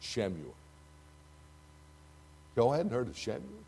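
A dramatic older preacher with a Texan accent, delivering a sermon to a church congregation. His dark, mellow voice swings between booming emphasis and quiet asides. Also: huge pitch swings, takes it slowly, breathy edge. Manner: dramatic, swinging from loud to hushed.

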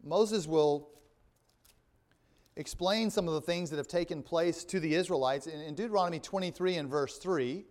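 A man's voice: on the high side, moderate pace, a little mellow. A male pastor preaching a sermon, reading scripture aloud and explaining it, with wry asides.

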